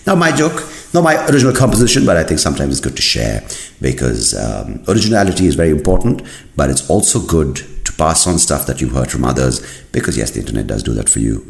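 A man's voice: a bass voice, fast, vocal fry. A man from India, a native Kannada speaker, hosting a comedic podcast monologue with crude asides. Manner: animated storytelling with crude asides. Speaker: podcast host. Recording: echoey room.

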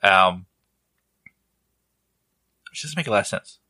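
A man with a low but bright, forward voice chats loosely on a podcast. He rambles, restarts his sentences and cracks jokes, recorded dry and close. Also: expressive, takes it slowly, no echo. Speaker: podcast co-host. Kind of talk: casual chat.

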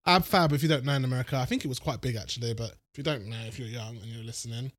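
A man co-hosts a casual podcast chat, rambling, swearing and making jokes at his own expense. His mid-range voice races along and sounds a bit bright. The recording is dry.

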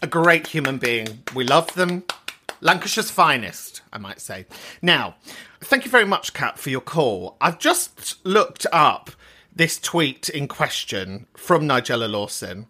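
A woman's voice: sits low, measured pace, breathy edge. A woman hosting a podcast, ranting with outrage and plenty of swearing in a casual chat. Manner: animated, sweary, outraged rant. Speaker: podcast host.

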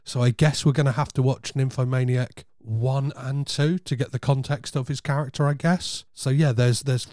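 A man's voice: mid-range voice, fairly even intonation, moderate pace, hardly any pauses, darkish tone, no room sound, clean studio sound. A man co-hosting a film podcast in casual chat, talking enthusiastically and rambling with restarts. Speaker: podcast co-host.

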